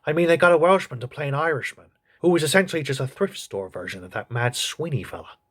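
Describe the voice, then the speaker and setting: A man voicing a crude, gossipy old male politician who reviews a TV show in a comedy sketch, with a husky voice. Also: fairly high pitch, lively intonation, fast talker, a bit bright. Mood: snarky.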